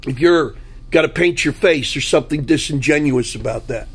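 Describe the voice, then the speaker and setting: A man's voice: fairly high pitch, moderate pace, slightly rough. A man delivering a blunt, combative political monologue, full of anecdotes. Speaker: political commentary host.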